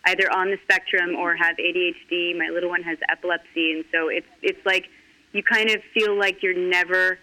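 A middle-aged woman talking candidly in an interview, earnest and halting with frequent restarts. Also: fairly low pitch, steady tone, bright, forceful tone, rough recording. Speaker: guest.

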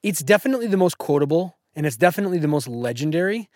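A man's voice: a little high, very animated, very fast, darkish tone, no room sound, clean studio sound. A man hosting a podcast in casual chat, wry and joking, packed with trivia. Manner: wry, joking, fact-heavy. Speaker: podcast host.

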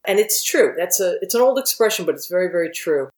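A woman's voice: on the low side, lively intonation, fast, a little mellow, reverberant. A middle-aged woman telling candid, rambling stories about her TV career as an interview guest, swearing casually. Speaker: guest, TV writer and producer.

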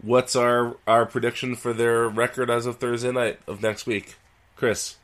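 A man hosting a podcast, telling stories in a relaxed, easygoing way. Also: mid-range voice, unhurried. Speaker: podcast host. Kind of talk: casual podcast chat.

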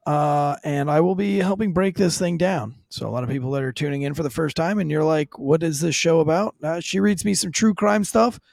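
Male podcast co-host, ex-cop, crude joker, gravelly and dry. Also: a little high, darkish tone, no echo. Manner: crude, joking, quick and loose. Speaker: podcast co-host, former police officer. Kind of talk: casual true-crime podcast banter.

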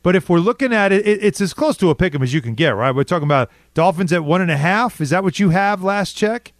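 A man hosting a sports radio show in casual, animated banter, with a New York accent. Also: high-pitched, dry recording. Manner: animated, quick banter with co-hosts. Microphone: studio microphone.

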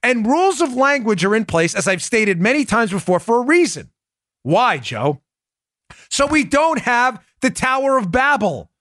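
A man's voice: extremely high pitch, very animated, moderate pace, a bit bright, no room sound, clean studio sound. A man hosting a political commentary show, talking in an emphatic, mocking, sarcastic way. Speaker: podcast host.

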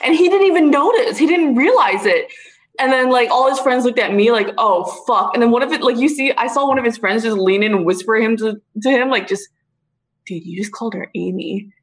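A young woman with a slightly high voice talks fast in casual chat, telling an animated story while swearing freely and calling her listeners dude and bro. The recording is rough.

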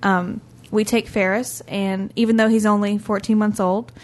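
A woman on a relaxed podcast gives practical, reassuring advice to listeners. She speaks gently and often pauses with soft "um"s. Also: medium pitch. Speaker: podcast regular giving park advice. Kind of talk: casual podcast chat.

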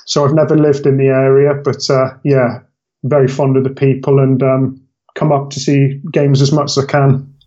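A man's voice: mid-range voice, little pitch movement, moderate pace, mellow, muffled recording. A man from Bristol with a mixed Bristol accent, a polite podcast guest who talks with hesitant ums. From Bristol, England. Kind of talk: casual interview.

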